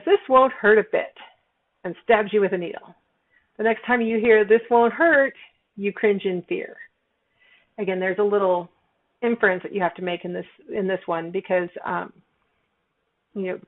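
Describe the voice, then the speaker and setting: A woman psychology instructor talking through a recorded lesson, explaining step by step with fillers and self-corrections. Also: mid-range voice. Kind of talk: recorded lecture walkthrough. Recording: tinny phone-like audio.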